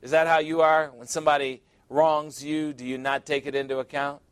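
A man preaching a sermon, stressing key words and often dropping low and quiet at the end of a point. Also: level tone, fairly quick, smooth, dry recording. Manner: emphatic, repeating phrases for stress.

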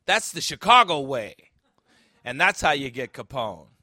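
A blunt, hard-nosed old Irish-American cop, as a preacher reads his lines, pressing his questions with force. The voice is bright and tense, set close and dry. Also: a little high, expressive, a little slow, dry recording. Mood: forceful. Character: tough older Irish-American beat cop, blunt and menacing.

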